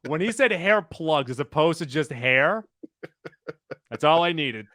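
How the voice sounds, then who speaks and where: A man co-hosting a casual chat, announcing sketch rankings with quick asides. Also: fairly high pitch, animated, a bit bright, no room sound, studio quality. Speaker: podcast co-host.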